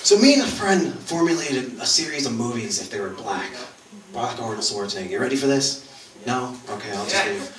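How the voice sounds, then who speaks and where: Male stand-up comic with a lively pitch and a deadpan delivery, recorded in a roomy club from a distance. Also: fairly quick, a crowd in the background. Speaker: stand-up comedian. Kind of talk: stand-up routine. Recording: echoey club room, mic heard from a distance. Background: audience laughing.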